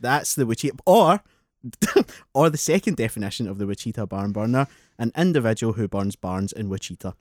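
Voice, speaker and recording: A man hosting a casual comedy podcast, loud and laughing as he reads out words for a guessing game. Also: on the low side, animated, a little fast, no room sound, studio quality. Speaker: podcast host.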